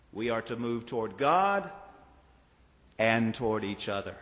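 A man preaching a sermon as pastor, earnest and rhetorical, slowing down for emphasis in a church sanctuary. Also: fairly low pitch, big pitch swings, fairly bright tone. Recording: reverberant hall.

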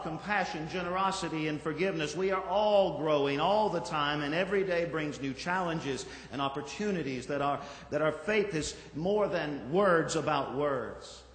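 A male pastor giving a sermon in a church, reflective and gently conversational, with small asides to the congregation. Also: on the high side. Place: church sanctuary. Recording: echoey hall from far off.

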